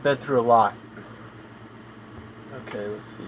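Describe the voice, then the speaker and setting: A gaming streamer complains on a casual live stream from his home room, his flat, weary monotone sounding tired and in pain. His pitch is medium, he speaks at normal speed, and the background is noisy.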